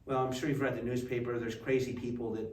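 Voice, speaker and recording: A man telling lively anecdotes in a casual gallery talk, acting out the people in his stories. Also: quick pace. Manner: animated anecdotes, acts out voices with big pitch jumps. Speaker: art collector giving a gallery talk. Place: museum gallery. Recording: echoey gallery, distant mic, faint hiss.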